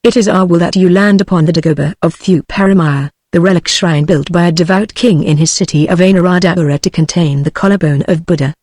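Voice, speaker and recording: A synthetic woman's voice with a British English accent, reading an audiobook in an even, measured way. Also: fairly low pitch, no echo. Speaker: narrator.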